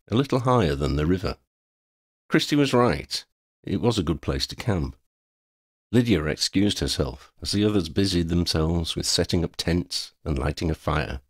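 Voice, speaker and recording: A man narrating an audiobook, reading steadily with expressive storytelling. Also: sits low, breathy edge, no room sound, studio quality. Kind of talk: scripted narration.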